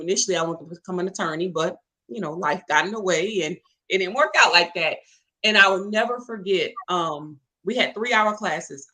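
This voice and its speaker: A woman who owns a catering business is an interview guest, telling her story testimony-style in an emphatic, preacherly way and calling out to listeners. Her mid-range voice has a sharp tone, and the recording is low quality.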